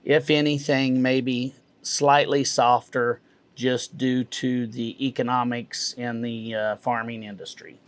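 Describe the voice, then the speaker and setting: Folksy auctioneer, measured speech. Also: male voice, medium pitch, little pitch movement, clear, resonant tone, no echo. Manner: measured, folksy, many uh fillers. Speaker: realtor and auctioneer. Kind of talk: interview answers.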